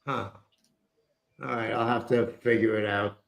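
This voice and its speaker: A man's voice: lowish voice, steady tone, measured pace, gravelly, a bit bright, roomy sound. Casual man hosting a trading stream. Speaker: stream host. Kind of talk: casual livestream chat.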